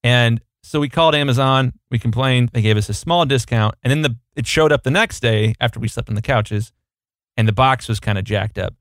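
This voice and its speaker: A young adult man co-hosts a podcast and tells playful, jokey stories in a loose, casual chat. His voice sits at an ordinary middle pitch. It is recorded dry and close, with no room sound. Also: brisk, fairly bright tone, no room sound. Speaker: podcast co-host.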